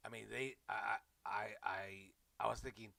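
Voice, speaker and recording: Sarcastic man with a gravelly voice. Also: lowish voice, fairly even intonation, moderate pace, sharp tone, no room sound. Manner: sarcastic, mocking, rambling with restarts. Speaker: movie reviewer. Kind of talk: rambling comedic movie recap.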